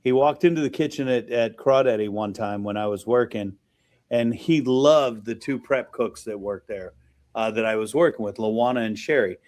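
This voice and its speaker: A man's voice: medium pitch, moderate pace, darkish tone. A middle-aged man, a chef hosting the show, chatting casually, cursing freely and laughing as he acts out quotes. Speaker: chef and host. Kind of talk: casual chat.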